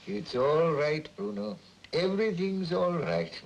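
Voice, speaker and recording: An actor playing an elderly, kindly Jewish man who soothes a frightened boy in a soft, patient voice, in 1940s film style. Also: high-pitched, expressive, measured pace, creaky, slight background noise, heavily acted, low-quality recording. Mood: soothing. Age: older. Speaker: guardian figure comforting a boy. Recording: 1940s film soundtrack with music underneath.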